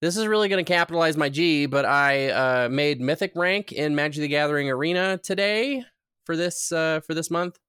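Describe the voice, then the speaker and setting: A woman co-hosting a casual podcast from home, excitable and swearing freely, a little out of breath. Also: deep voice, a little fast, smooth. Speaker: podcast co-host. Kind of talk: casual chat.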